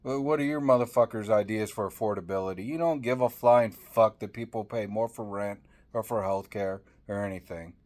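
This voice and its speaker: A man's voice: lowish voice, a little fast, hardly any pauses, a little mellow. A man ranting angrily about politics, swearing constantly and tripping over restarts. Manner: profane, heated, repetitive stammering restarts. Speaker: political commentator. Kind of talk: angry political rant to camera.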